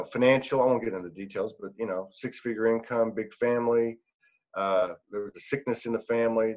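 On a podcast, a middle-aged male guest with a medium-pitched voice tells a personal story casually, earnest and rambling, laughing often and using lots of fillers. The audio sounds dull.

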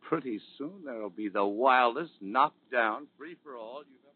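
A man's voice: mid-range voice, expressive, moderate pace, lightly acted. An actor playing a sly, scheming man in 1940s radio acting. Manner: sly, conspiratorial. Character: scheming small-time man, sly and smug. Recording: tinny old radio broadcast.

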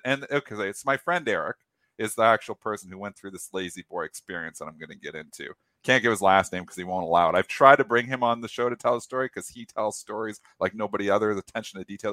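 A man's voice: lowish voice, dry recording. Man, show host, casual storytelling, acts out quotes, dry close sound. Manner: animated anecdote with acted-out quotes and restarts.

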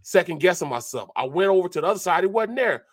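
Man, sports show co-host, ex-player, slightly high voice, lively storyteller. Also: fast. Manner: animated, repeats "bro" and "man", mimics sounds. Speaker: co-host, former football player. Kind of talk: casual sports talk storytelling.

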